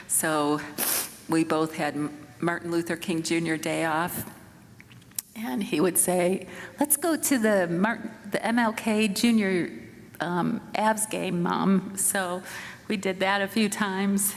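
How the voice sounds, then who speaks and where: A woman in her sixties delivering a memorial eulogy, unhurried and tender, pausing often and breaking into soft rueful laughs. Her voice carries a long reverberant tail from a church sanctuary, with a faint hum of room ambience behind it. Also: fairly low pitch. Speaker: mother of the deceased giving a eulogy.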